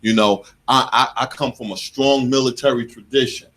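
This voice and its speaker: A man in his forties, from the United States, hosting a radio show in a studio and telling stories in an animated, joking way, laughing at himself. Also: mid-range voice, moderate pace. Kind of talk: casual radio talk.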